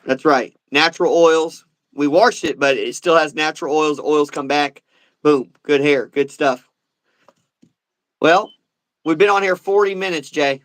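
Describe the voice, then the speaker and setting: Rambling, higher-voiced male podcast host. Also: measured pace, a bit bright, dry recording, rough recording. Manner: rambling, repeats himself with filler. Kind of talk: casual chat.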